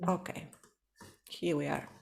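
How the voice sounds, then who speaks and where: A woman whose first language is Spanish, teaching English to a single student online. She explains slowly, checks in with a frequent "okay?" and slips into Spanish for quick clarifications. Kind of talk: online one-to-one English lesson.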